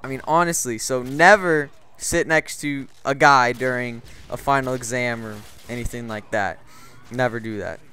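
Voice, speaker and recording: A man's voice: mid-range voice, steady tone, moderate pace, pushed and bright, clean tone, poor audio. A man hosting a gaming channel, telling rambling, profane stories in casual gameplay commentary, full of "like" and restarts. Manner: rambling, profane, filler-heavy.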